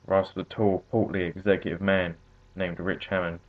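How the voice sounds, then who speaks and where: A man narrates a story in a steady, measured way. His voice is very deep. The audio is narrow and phone-like. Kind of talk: story reading.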